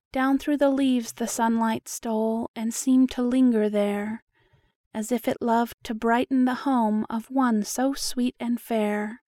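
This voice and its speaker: Woman narrator reading a poem, slow and steady, fairly high voice, dry close sound. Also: no room sound. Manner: slow, even, measured recital. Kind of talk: reading a story poem aloud.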